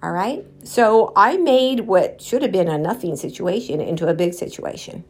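A woman vlogger telling a personal story while out walking, candid and animated, quoting what people said and talking to her viewers directly. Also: on the low side, moderate pace, breathy edge. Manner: candid, animated retelling with quoted dialogue; addresses viewers directly as guys.

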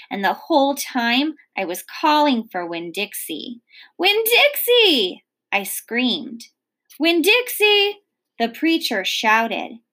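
A woman teacher reading a children's novel aloud in an expressive storybook manner. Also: a little high.

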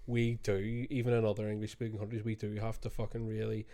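A man's voice: on the low side, level tone, warm tone. A man co-hosting a podcast, chatting casually with sweary, joking banter. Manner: fast, sweary, laughing banter. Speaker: podcast co-host. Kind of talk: casual chat.

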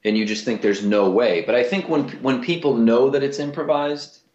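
A man, a voice actor and comedian, telling stories in a casual interview with lively restarts. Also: medium pitch, normal speed, reverberant, lo-fi sound. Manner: animated storyteller, lots of restarts.

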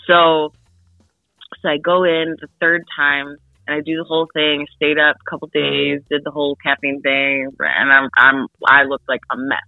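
A young woman from the Philadelphia suburbs, an actress guest telling an animated story full of fillers in an interview. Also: sits low, normal speed, no echo. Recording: tinny phone-line radio, dry.

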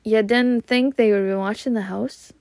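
A woman voicing an anxious, shrill middle-aged aunt with a fretful manner. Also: fairly even intonation, moderate pace, a little mellow, dry recording, lightly acted.

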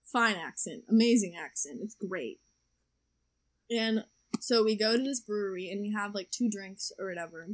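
A woman's voice: mid-range voice, normal speed. A young woman telling a dating story in a casual podcast chat, chatty and laughing often. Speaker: podcast co-host.

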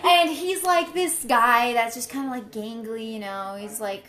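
A woman's voice: fairly high pitch, measured pace, a bit bright. A young woman co-hosting a casual chat, rambling and giggling as she guesses at a film's plot. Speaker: co-host.

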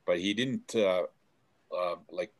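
A man with a low, easy voice swapping stories in casual conversation. He stops and restarts often, with plenty of fillers as he talks. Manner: halting, many fillers and restarts. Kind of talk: casual chat.

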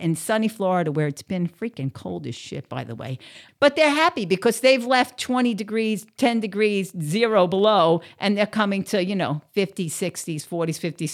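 Brief: woman vlogger, mid-pitched, chatty gossip story, blunt and salty, lots of "you know.". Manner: chatty, blunt, swears freely, many fillers. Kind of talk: casual storytelling monologue.

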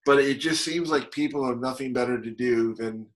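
A man hosting a podcast, chatting casually in a relaxed, halting way. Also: medium pitch, rough recording. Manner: relaxed, hesitant with fillers. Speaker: podcast host. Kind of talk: casual chat.

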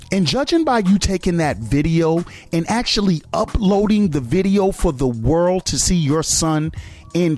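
A male radio host delivers an indignant, profanity-laced rant. His pitch swings widely as he fires off one rhetorical question after another, and faint music plays underneath. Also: a little mellow. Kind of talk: ranting commentary on a video clip.

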